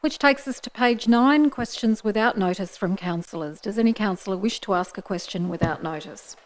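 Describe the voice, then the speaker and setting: A woman, the mayor, chairing a formal council meeting into a desk microphone in a council chamber, with brisk procedural talk and light asides. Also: medium pitch, poor audio.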